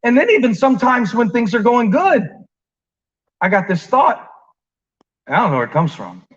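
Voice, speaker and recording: In a conversational sermon, a preacher with a high voice for a man engages the congregation through questions and jokes, his pitch swinging widely at a moderate pace as he drops soft and then climbs again. The lo-fi recording sounds dull and muffled.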